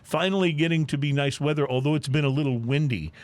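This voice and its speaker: A man co-hosting a podcast in casual chat, lively, often laughing. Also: on the high side, fast talker, no room sound. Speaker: podcast co-host.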